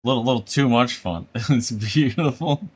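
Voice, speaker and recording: A man's voice: mid-range voice, moderate pace, darkish tone, slightly rough. A man chatting casually on a live stream while he draws, rambling with lots of filler and laughter.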